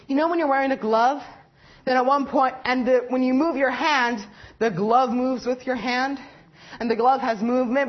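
A young woman tells her personal testimony in a rambling, halting way, correcting herself and leaning on fillers. Her voice sits fairly high. The recording is dull and lo-fi. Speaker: lay preacher giving testimony.

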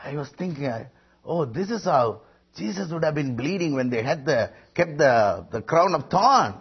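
A man's voice: on the high side, lively intonation, moderate pace, slightly rough. A man preaching a sermon, emphatic and rising on quoted lines, with frequent hesitations. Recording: muffled lo-fi recording.

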